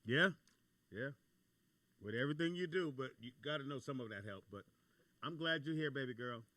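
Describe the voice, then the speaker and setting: Joking talk show cohost guy, lively bouncy voice, bright, a bit away from the mic. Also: mid-range voice, normal speed, dry recording, far from the mic. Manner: joking, laughs often. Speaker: co-host. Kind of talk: casual comedic chat.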